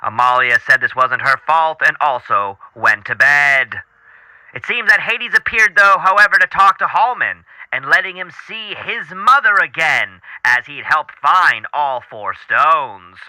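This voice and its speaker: A male narrator reads a scripted recap in a very bright, forceful tone, set a little high. The delivery is even, like a storybook summary. The sound is dry and close. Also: dry recording, poor audio.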